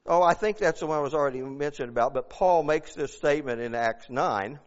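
A man's voice: on the high side, a little fast. A man preaching a fervent sermon, reading scripture aloud and pleading in prayer. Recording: dull lo-fi recording.

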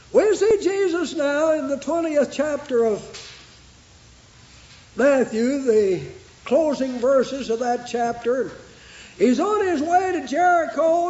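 High-voiced fervent male preacher, echoey lo-fi. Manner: fervent, rhythmic repetition, rising into shouts. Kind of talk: sermon. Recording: echoey, dull lo-fi recording.

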